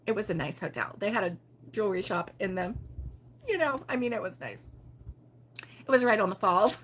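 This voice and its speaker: A woman from Baltimore hosting a relaxed morning livestream, chatting and giggling as she reads viewer comments aloud. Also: mid-range voice, breathy edge. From Baltimore, USA. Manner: chatty and giggly, with frequent fillers and laughs. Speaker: host of a crochet livestream. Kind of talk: casual morning chat reading viewer comments.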